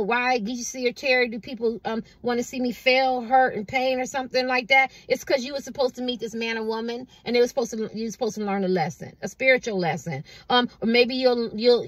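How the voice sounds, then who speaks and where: A woman's voice: a little high, fairly bright tone, dry recording. A woman tarot card reader giving a casual collective reading, rambling and conversational and asking "you know what I mean" again and again.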